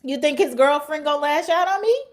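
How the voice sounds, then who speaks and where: A young woman hosts a casual livestream and tells her story bluntly, full of slang and swearing. Her voice sits fairly high and swings widely in pitch. Now and then she drops into a whisper. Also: lively intonation, fairly quick, slight background noise. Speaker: livestream host.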